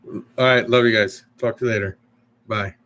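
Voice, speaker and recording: Middle-aged male streamer, lowish voice, loose rambling chat with viewers. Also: fairly even intonation, normal speed, pushed and bright. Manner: rambling, chatty, reads viewer comments. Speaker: live stream host. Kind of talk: casual live stream chat.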